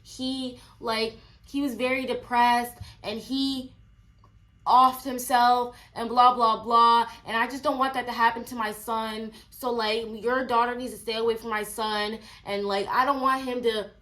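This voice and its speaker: A woman's voice: fairly high pitch, little pitch movement, measured pace, fairly bright tone. Pushy nagging mom, rambling on and on, as a young woman quotes her. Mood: fretful. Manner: rambling, trails off with blah blah. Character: pushy middle-aged mother, nagging and fretful.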